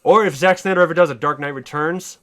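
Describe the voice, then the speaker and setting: Bright-voiced man pitching a story excitedly. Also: fast. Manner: excited retelling, casual swearing. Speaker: podcast host. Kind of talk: casual chat, pitching a story.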